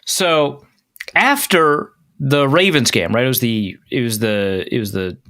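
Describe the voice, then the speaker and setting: Podcast co-host, male, from North Dakota, bright voice, lively pitch, laughs a lot. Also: unhurried. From North Dakota, USA. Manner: animated storytelling, laughs often. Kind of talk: casual chat.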